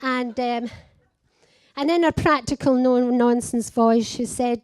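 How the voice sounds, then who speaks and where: An older woman with a Scottish accent giving a slow, heartfelt personal speech at a conference. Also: fairly high pitch, fairly even intonation, darkish tone, smooth, no echo. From Scotland. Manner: slow, simple heartfelt phrasing. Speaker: conference speaker living with dementia. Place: conference hall.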